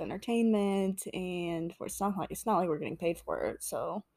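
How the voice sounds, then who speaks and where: A young woman co-hosting a casual podcast, laid-back and apologetic, often trailing off softly. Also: lowish voice, normal speed, no room sound. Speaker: podcast co-host. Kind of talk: casual chat.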